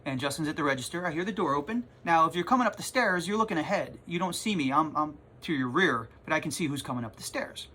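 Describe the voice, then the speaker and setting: A man who runs a comic shop, telling a rambling, animated story in a casual vlog from his store. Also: a little high, fast talker, hardly any pauses, slightly rough. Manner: rambling, animated, self-interrupting.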